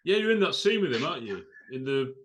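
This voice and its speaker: A man's voice: medium pitch, sing-song, fast, over a noisy crowd. A male interviewer who chips in and teases the guest in casual chat. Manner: chips in, teasing.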